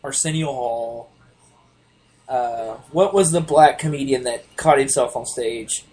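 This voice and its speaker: A man hosting a casual podcast chat, telling stories in an animated, profane way. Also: medium pitch, a little slow. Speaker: podcast host.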